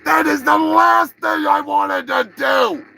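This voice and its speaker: A man hosting a live podcast, giving a profane mock apology that swings from slow solemn talk to shouted rage. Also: very high voice, steady tone, gravelly, faint music behind, poor audio. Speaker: podcast host. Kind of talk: mock-apology comedy rant.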